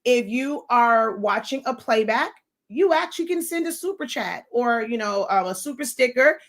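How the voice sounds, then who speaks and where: A middle-aged woman hosting a casual livestream, fast-talking and long-winded, working to slow herself down. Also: a little high, lively intonation. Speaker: livestream host and creative instructor. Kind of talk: casual live-stream talk.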